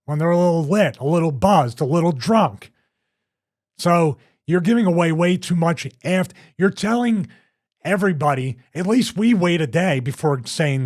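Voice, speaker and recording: A man with a Philadelphia accent, an older former wrestler hosting a podcast, talking in an emphatic, animated way. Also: fairly high pitch, moderate pace. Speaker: show host, former wrestler. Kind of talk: casual podcast chat.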